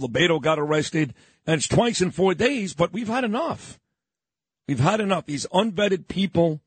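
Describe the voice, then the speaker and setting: Male radio host, husky, fairly high voice, fired-up ranting, dry studio sound. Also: no echo. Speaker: radio talk show host. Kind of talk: opinionated morning radio talk. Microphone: studio microphone.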